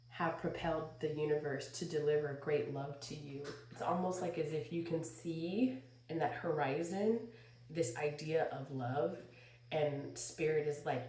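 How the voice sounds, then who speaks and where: A woman giving a chatty, expressive tarot reading, her voice worn and hoarse. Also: sits low. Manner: chatty, expressive, laughs and sings bits. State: losing her voice, clearing throat. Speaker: tarot reader. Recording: quiet roomy home recording.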